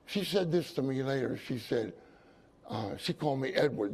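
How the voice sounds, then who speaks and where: A man's voice: medium pitch, expressive, moderate pace, a little mellow. A man preaching a sermon, telling a personal story with repeated phrases and asides to his congregation. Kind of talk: sermon testimony.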